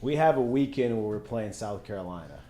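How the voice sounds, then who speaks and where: A man co-hosting a podcast, chatting casually with emphatic, quick interjections. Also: on the low side, expressive, warm tone. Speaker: podcast co-host. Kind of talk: casual chat. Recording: echoey room with crowd chatter.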